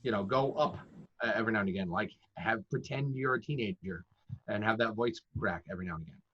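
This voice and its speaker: A man's voice: lowish voice, quick pace, slight background noise. A man who works as a professional dungeon master, giving casual, chatty, self-deprecating advice in conversation. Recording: dull lo-fi audio.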